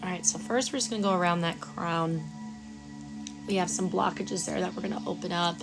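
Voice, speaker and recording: A woman hosting a live Reiki session outdoors. She chats with viewers, stumbles over their names, then gives soft, slow breathing cues. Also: on the low side, fairly even intonation, music in the background. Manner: chatty, reads viewers' names aloud and fumbles them. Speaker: Reiki practitioner and stream host. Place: outdoors at sunrise.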